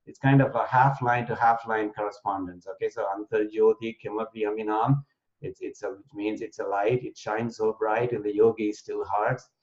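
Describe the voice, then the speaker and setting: A man's voice: medium pitch, darkish tone. A man teaching an online class, explaining verses step by step with fillers and restarts, sometimes chanting lines. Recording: dull lo-fi online class audio.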